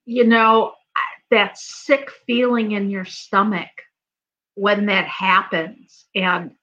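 Woman co-host, bright voice, halting delivery, dull lo-fi audio. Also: mid-range voice, fairly even intonation. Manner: halting, searching for words. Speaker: podcast co-host. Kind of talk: casual chat.

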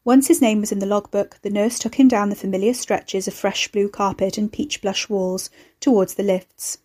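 A woman reading a novel aloud as narrator, in measured storytelling narration. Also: medium pitch, steady tone, darkish tone. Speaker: audiobook narrator. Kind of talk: scripted narration.

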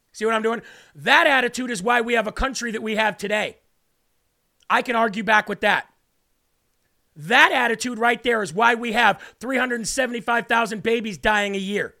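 A man's voice: very high-pitched, vocal fry, bright, forceful tone. A man hosting a political livestream, ranting in a combative, sarcastic, scolding way. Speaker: livestream political talk host. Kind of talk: ranting live commentary.

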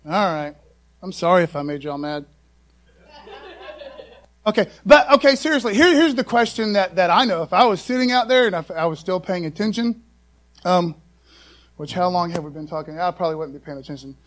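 High-voiced casual preacher man. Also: expressive, a little fast, pauses often. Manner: casual, folksy preaching with many asides. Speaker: pastor. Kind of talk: sermon.

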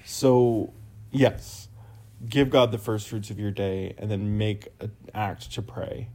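A young man with a lowish voice co-hosts a relaxed faith conversation. He tells stories in a chatty, animated way, full of fillers and asides. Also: slow. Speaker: podcast co-host. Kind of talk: casual faith chat.

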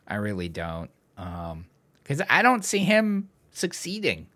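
A man with a fairly low voice speaks slowly as he hosts a casual podcast. He rants animatedly about politics, swearing plenty and laughing often.

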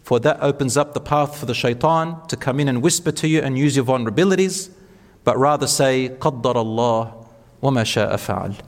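Earnest guy preaching and telling stories, mid-pitch voice, long hall echo. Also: fairly quick. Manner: earnest, encouraging, storytelling. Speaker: speaker at a talk. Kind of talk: religious talk with Q&A.

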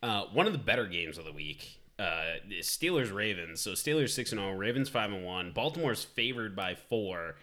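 A man co-hosting a casual fantasy football chat, brisk and matter-of-fact. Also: on the low side, expressive, pushed and bright. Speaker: podcast co-host.

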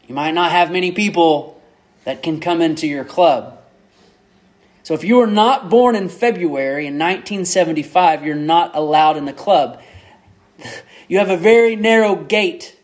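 A man preaching a sermon as pastor, measured and repeating key words for emphasis. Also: fairly high pitch.

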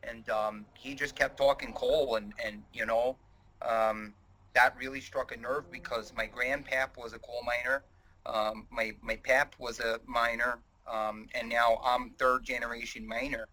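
A man's voice: mid-range voice, flat delivery, a little slow, sharp tone, slight background noise, poor audio. A man voicing a proud, rambling middle-aged coal miner with a Pennsylvania Dutch accent, hesitant and full of ums. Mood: folksy.

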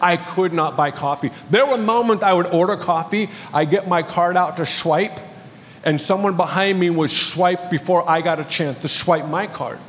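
A man's voice: high-pitched, moderate pace. A male pastor preaching a sermon, telling a story with light humor. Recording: long reverb of a large hall.

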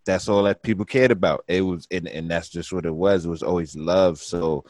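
A man's voice: sits low, fairly even intonation, normal speed, a little mellow, dry recording. A man in his thirties, once a party promoter, reminiscing in casual chat, laid-back and drawn out, saying "listen, man" often.

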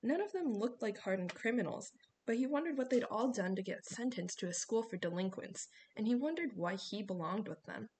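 A woman reading a novel aloud in steady scripted narration. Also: on the high side, a little fast, slight background noise. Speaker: audiobook reader.

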